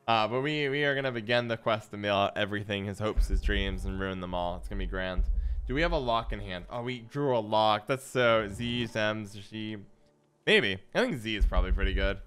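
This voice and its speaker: A man's voice: on the low side, pushed and bright, clear, resonant tone. A man streaming a card game, chatting playfully with his viewers and answering chat as he plays. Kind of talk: casual live-stream gameplay commentary.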